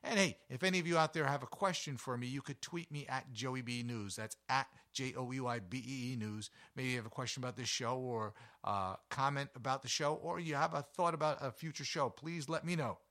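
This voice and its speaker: A man with a bright, forceful voice hosts a casual science show. He talks like a playful teacher, cracking jokes, correcting himself and throwing questions at the listener. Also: medium pitch, brisk, hardly any pauses. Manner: jokey, self-correcting, lively teacher tone; asks the listener rhetorical questions. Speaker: host of an educational podcast. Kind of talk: casual educational talk.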